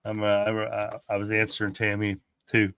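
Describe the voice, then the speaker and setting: A man's voice: on the low side, monotone, normal speed, fairly bright tone, clean tone, no echo. A man co-hosting a casual political livestream, chatting loosely and reading viewer comments aloud. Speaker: livestream co-host.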